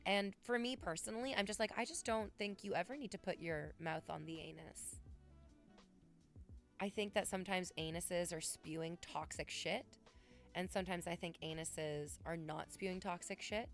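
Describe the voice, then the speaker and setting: A woman's voice: lowish voice, normal speed, creaky, faint music behind. A woman in her thirties, a streamer in casual chat, talking bluntly and profanely in a rambling way. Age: 30s.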